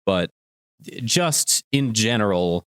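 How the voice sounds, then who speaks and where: A man co-hosting a casual podcast, talking animatedly with casual swearing, dropping into quick jokey voices as he retells scenes. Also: lowish voice, animated, smooth, no echo, clean studio sound. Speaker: podcast co-host.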